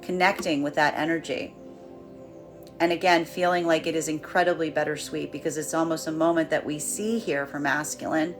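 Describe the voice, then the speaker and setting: A woman giving a casual tarot reading, talking in a chatty, animated way with many fillers. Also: low voice. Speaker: tarot reader. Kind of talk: casual spiritual reading monologue.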